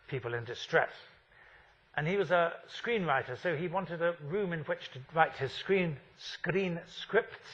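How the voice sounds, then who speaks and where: A man's voice: on the high side, a bit bright, breathy edge, muffled recording. A man in his fifties giving a university architecture lecture, wry and full of rhetorical questions.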